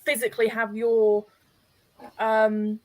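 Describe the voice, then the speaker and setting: A chatty woman with a slightly high voice talks loosely with her friends, filling her sentences with little fillers. She keeps the conversation rolling in an easy, casual way. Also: monotone, slow pace. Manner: chatty, peppers talk with "like". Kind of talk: casual chat among friends.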